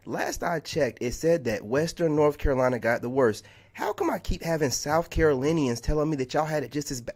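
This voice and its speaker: A man's voice: a little high, a little fast, darkish tone. Guy venting on his vlog, fired up and fed up, keeps saying man. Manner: heated, exasperated, repetitive storytelling with lots of "man". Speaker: content creator. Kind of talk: ranting vlog monologue.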